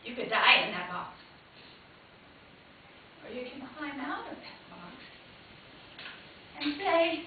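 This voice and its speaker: A woman performing an emotional, dramatic monologue, her loudness swinging sharply from hushed to loud. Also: sits high, sing-song, slow, long pauses, a little hiss or hum. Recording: echoey hall heard from far, tinny lo-fi camcorder sound.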